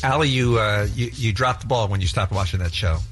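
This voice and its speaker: A man's voice: lowish voice, brisk, fairly bright tone, soft background music. A man co-hosting a radio show, joking and needling the host. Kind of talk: morning radio banter.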